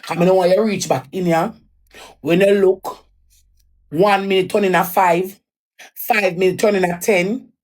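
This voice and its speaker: A woman's voice: medium pitch, steady tone, measured pace, long pauses, darkish tone. A Jamaican woman telling an emotional personal story in a raw, emphatic way, often repeating her lines. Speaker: livestreamer.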